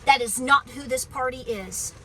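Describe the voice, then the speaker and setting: A woman's voice: high-pitched, normal speed, bright, forceful tone, slight background noise, low-quality recording. A woman homesteading vlogger speaking outdoors on her farm in an impassioned, preachy, emphatic way. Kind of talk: outdoor political vlog rant.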